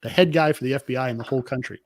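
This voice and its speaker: A man who is a military veteran, telling a story with lively acted-out quotes on a podcast. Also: medium pitch, very fast, no echo. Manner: lively anecdote teller, acts out quotes. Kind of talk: animated storytelling in casual chat.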